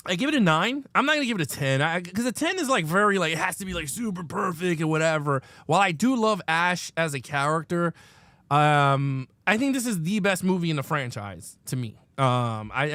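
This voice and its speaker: A man with a fairly high voice, co-hosting a laid-back film review chat. He retells favorite scenes with lively, enthusiastic energy and drops casual swear words along the way. The sound is close and dry, with no room around it. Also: no room sound. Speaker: podcast co-host.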